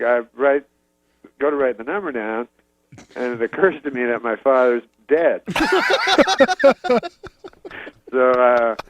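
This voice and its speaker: Doing a comedian impression, a man with a medium-pitched voice rambles through a deadpan story, packed with fillers and restarts. The audio is dull and lo-fi.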